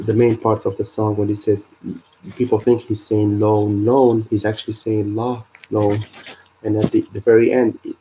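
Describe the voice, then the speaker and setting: A man hosting a livestream, explaining his ideas in an earnest, halting way. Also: fairly low pitch, noisy background. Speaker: livestream host.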